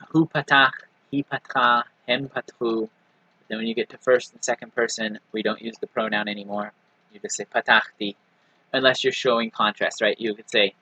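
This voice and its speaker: Patient, bright-voiced male language teacher. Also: lowish voice, husky, dry recording, muffled recording. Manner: patient, repeats example words slowly with many "right?" and "okay". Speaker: Hebrew teacher. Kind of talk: recorded language lesson.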